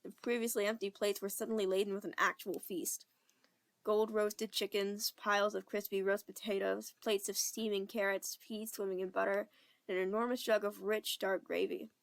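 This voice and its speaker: A young woman narrating an amateur fan audiobook in a steady, plain storytelling voice. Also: medium pitch, moderate pace, vocal fry. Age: young adult.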